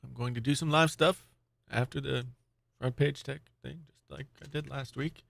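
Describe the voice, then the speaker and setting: A man talks on a casual live tech stream, rambling and distracted as he speaks to his chat. His voice is gravelly and the sound is dry and close. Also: mid-range voice, steady tone, moderate pace, a bit bright, no echo. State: angry.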